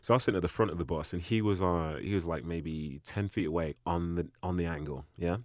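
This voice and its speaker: A young man with a deep voice, telling stories about his football days in a relaxed, chatty way on a podcast mic. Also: quick pace, no echo, clean studio sound. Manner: relaxed anecdotal, often quoting with a low voice. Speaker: former footballer guest. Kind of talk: casual storytelling chat.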